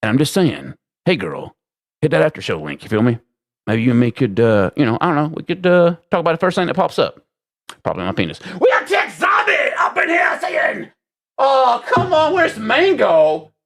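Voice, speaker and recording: A man hosting a livestream, reading chat aloud with profane, exasperated banter and sudden shouting, tired from lack of sleep. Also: fairly high pitch, sing-song, moderate pace. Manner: bursts into shouting. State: short on sleep.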